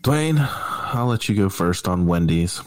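A man hosting a podcast keeps things loose, teasing his guest and swearing casually. His voice sits on the low side. The recording is close and dry. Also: expressive, measured pace, a little mellow, no room sound. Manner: laid-back, teasing banter with casual swearing. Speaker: podcast host.

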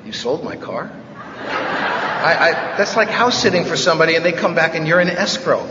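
A man's voice: on the high side, brisk, noisy background. Wry storyteller man from the Bronx, echoey hall. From the Bronx, New York. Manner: wry, joking, animated storyteller. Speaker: speaker at a recovery meeting. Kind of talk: personal recovery talk, humorous storytelling. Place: large meeting hall. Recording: echoey hall, distant mic, dull sound.

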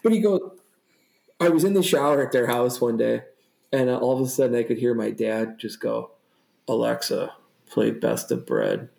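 This young podcast co-host talks a little fast, with vocal fry in his mid-range voice. His casual chat is full of profanity and rambling, lively anecdotes, all captured in an echoey room.

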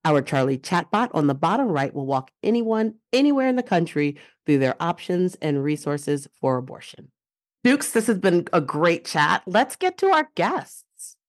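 A woman's voice: on the low side, very animated, moderate pace, no room sound, studio quality. A woman hosting a podcast, talking casually and animatedly and laughing often. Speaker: podcast host.

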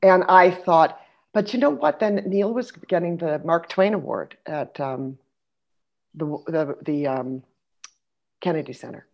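A middle-aged woman in casual conversation, an animated storyteller who laughs and restarts her sentences. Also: sits low, unhurried, vocal fry, lo-fi sound. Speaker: guest.

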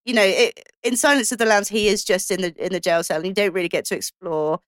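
A woman discussing films in casual chat, halting often with ums and restarts. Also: medium pitch, steady tone, no echo, studio quality. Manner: hesitant, many ums and restarts.

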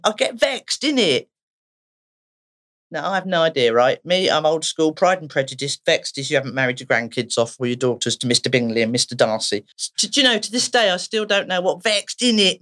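A woman's voice: low-pitched, brisk. A woman therapist with an Essex accent, telling stories animatedly in a podcast conversation and laughing often. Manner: animated storyteller, laughs often, acts out voices. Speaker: therapist guest.

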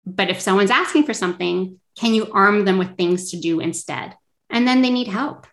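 A woman's voice: lively intonation, normal speed, fairly bright tone. Earnest woman parent coach. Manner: earnest, acts out quoted kids and adults in a higher voice. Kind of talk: casual interview chat.

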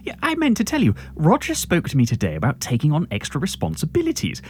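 A man voicing a calm, easygoing husband who reassures his wife in a low-key way. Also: quick pace, slight background noise. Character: gentle, easygoing middle-aged male husband.

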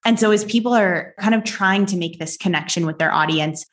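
A woman podcast host who agrees warmly with her guest and then asks a long, thoughtful question. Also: medium pitch, a little fast. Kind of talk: interview questions.

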